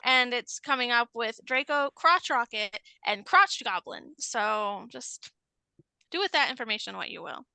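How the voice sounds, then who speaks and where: A woman's voice: on the high side, expressive, unhurried, gravelly, bright, forceful tone, smooth, no echo. A woman co-hosting a casual book-club podcast, quoting favorite lines playfully. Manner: quotes lines with playful voices. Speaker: podcast co-host.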